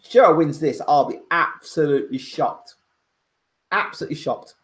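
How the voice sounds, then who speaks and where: A man's voice: on the high side, normal speed, a bit bright. A man hosting casual live boxing commentary, opinionated and emphatic, repeating his points. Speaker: boxing pundit and channel host. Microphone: home microphone, audio only.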